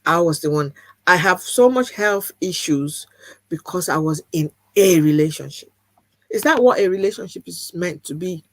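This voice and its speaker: A woman's voice: lowish voice, expressive, moderate pace, no room sound. A woman guest speaking in an earnest, emphatic way over a video call, often repeating phrases for weight. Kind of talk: candid video-call conversation.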